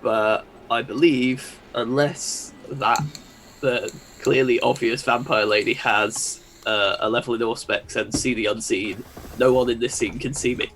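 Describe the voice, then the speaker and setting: A man's voice: medium pitch, fairly even intonation, unhurried, fairly bright tone, a little hiss or hum, low-quality recording. Guy at the game table, plain voice, explains rules matter-of-factly. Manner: matter-of-fact about the rules. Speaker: player. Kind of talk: casual tabletop game chat.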